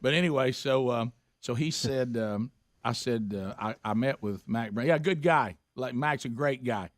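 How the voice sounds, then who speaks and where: A man hosts a talk radio show from a studio microphone. His voice sits at a middle pitch, and the room sound is close and dry. He tells stories casually and does the voices of the people in them. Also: moderate pace, dry recording.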